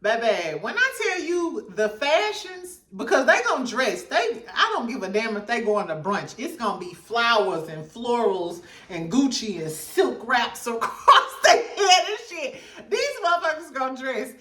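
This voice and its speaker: A bright, high-pitched woman gives casual reality TV commentary with lots of laughter and swearing. She sits back from the mic in an echoey room. Her talk is animated and loose. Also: measured pace, distant mic. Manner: animated, profane, laughs often. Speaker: show host.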